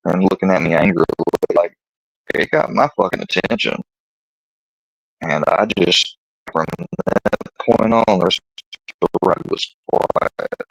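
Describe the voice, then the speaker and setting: A man's voice: sits low, unhurried, creaky, long pauses, no echo, poor audio. A man hosting a casual livestream, rambling through personal stories with plenty of profanity. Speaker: livestream host.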